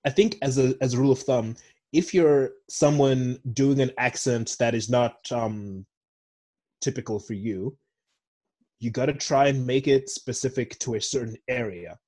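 The podcast co-host, a young man from Zimbabwe who sounds American, chats loosely, drifting between topics and revising what he says. He talks at a moderate pace in a medium, slightly mellow voice.

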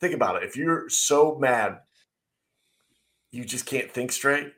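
A man holds forth on a casual talk show, blunt and heated, laughing now and then. His voice sits in an ordinary middle pitch. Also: animated, slow, a bit bright. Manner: blunt, ranting, laughs often. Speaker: podcast co-host. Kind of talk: casual opinionated chat.

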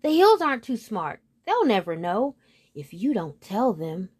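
A woman's voice: mid-range voice, sing-song, a little slow, breathy edge. A bossy, proud unicorn, as a woman puts her on. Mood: firm, pleading.

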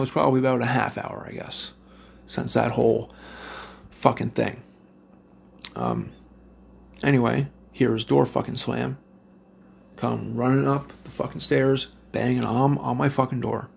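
A man tells a story in a loose, rambling way, swearing heavily, circling back, and restarting his sentences. He speaks a little slowly with long pauses, his everyday-pitched voice carrying a deep, crackly fry throughout, over a faint hiss of background noise.

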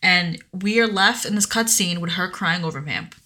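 Woman, podcast co-host, casual chat, animated, bright tone. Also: on the low side, normal speed. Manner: animated storytelling, many fillers.

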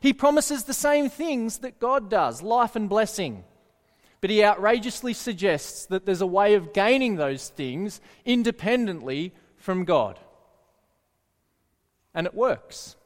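A man's voice: high voice, expressive, unhurried. A man preaching a sermon earnestly, often putting questions to his listeners. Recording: echoey hall reverb.

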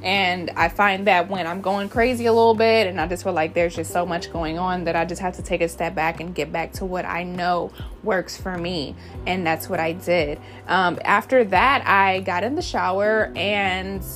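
A young woman vlogging in a casual, expressive and slangy way, laughing often as she talks. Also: lowish voice, normal speed, soft background music. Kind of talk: casual chat.

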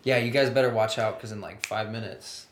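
A man's voice: lowish voice, a little fast, crowd noise. Easygoing joking man, echoey room. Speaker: host. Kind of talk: casual chat.

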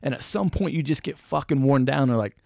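A man's voice: mid-range voice, a little fast, gravelly, no echo. A man in a casual chat, telling stories with lots of swearing. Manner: profane, animated storyteller.

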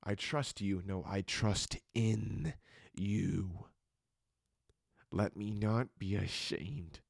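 A man delivers a devotional sermon in a very low, gravelly voice. He talks slowly and softly, drifting often into whispers. The recording is close and dry, with no room sound. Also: no room sound. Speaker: preacher.

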